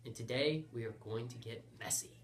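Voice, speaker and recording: A man voicing an eager, boastful schoolboy hero who speaks in grand, excitable declarations. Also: medium pitch, normal speed, natural voice. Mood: grandiose.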